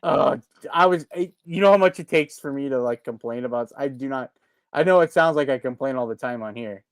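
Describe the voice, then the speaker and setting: Rambling, animated podcast man. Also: mid-range voice, a little fast, smooth, dry recording. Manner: rambling, animated storytelling with frequent restarts. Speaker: podcast co-host. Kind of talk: casual chat.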